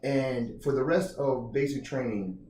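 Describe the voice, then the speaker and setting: A man's voice: mid-range voice, unhurried, a little hiss or hum. Guy telling army stories in an interview, roomy sound, mic kinda far off. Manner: animated, restarts often, acts out quotes. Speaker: author being interviewed. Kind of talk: casual interview storytelling. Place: indoor room. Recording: roomy, distant mic, faint ambience.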